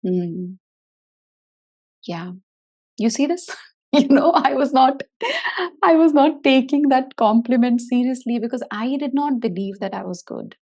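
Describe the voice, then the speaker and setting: A woman's voice: high voice, moderate pace, mellow. A woman in her forties, a therapist hosting a podcast, telling a story in a reflective, conversational way with many "you know" fillers. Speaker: podcast host and occupational therapist.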